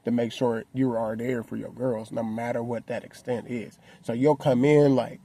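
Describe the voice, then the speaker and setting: A man's voice: mid-range voice, fairly even intonation, brisk, hardly any pauses, mellow. A man in a parked car, talking earnestly and heartfelt to his viewers in a casual, conversational way. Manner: earnest, heartfelt, conversational with frequent "you know what I'm saying". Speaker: vlogger. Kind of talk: reflective personal talk to camera.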